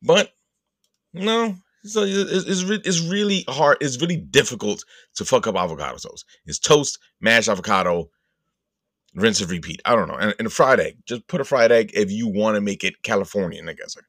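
A man with a lowish voice tells a long, rambling story on his podcast, swearing freely and slipping into short voices for his friends. The recording is close and dry, with no room sound. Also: lively intonation, normal speed, fairly bright tone, dry recording. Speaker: podcast host. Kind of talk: casual comedic storytelling.

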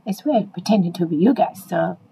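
A woman's voice: fairly low pitch, expressive, a little fast, creaky, dark tone, slight background noise, rough recording. A woman voicing a playful, chatty pet dog, speaking straight to the listeners in a comic monologue.

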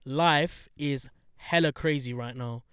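A young man telling a story in casual chat, animated, swearing and getting heated as he talks. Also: slow pace, clean tone, no room sound, studio quality. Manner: animated storyteller, swears, gets heated and high when indignant.

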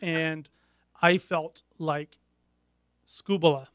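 In a candid interview, a middle-aged male guest talks earnestly and haltingly, often breaking off to restart a thought mid-sentence. His voice is a little high and smooth, fairly bright in tone with fairly even intonation, captured dry and close with no echo.

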